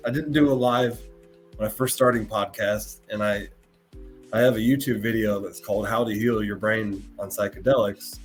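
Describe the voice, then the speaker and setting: A man's voice: fairly low pitch, fairly even intonation, moderate pace, faint music behind. A man hosting a live podcast, talking in an earnest, emotional way and often stopping to repeat and restart his words. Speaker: podcast host.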